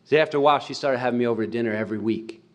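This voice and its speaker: A man giving an animated storytelling talk, retelling a friend's words with frequent "he said.". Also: mid-range voice, racing. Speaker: speaker.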